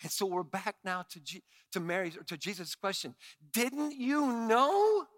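A middle-aged man preaching a sermon as pastor, animated and impassioned. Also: high-pitched, brisk.

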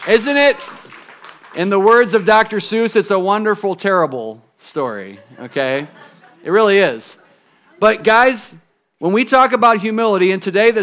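A man pastoring a children's service, with a voice that sits a touch high for a man. He tells a story and then preaches in an animated way, lifting loud and then dropping to a hush. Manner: animated, swinging between loud lifts and quiet drops.

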